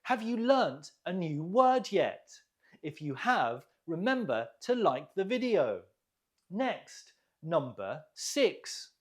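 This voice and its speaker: Patient ESL teacher: slow and deliberate, very expressive melody, clear careful enunciation, encouraging. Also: medium pitch. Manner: deliberate, clearly enunciated, drills pronunciation with pauses for repeating; encouraging, gently praises learners. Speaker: English teacher. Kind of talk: online vocabulary lesson.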